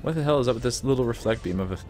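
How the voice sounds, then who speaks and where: A man in casual game voice chat, making dry, deadpan sarcastic remarks. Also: medium pitch, very fast, soft background music. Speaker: game player.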